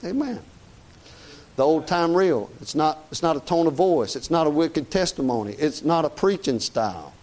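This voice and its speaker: A man's voice: a little high, lively intonation, normal speed, darkish tone, low-quality recording. A man preaching a sermon to a congregation in a church, emphatic and folksy, firing off rhetorical questions and calling for amen.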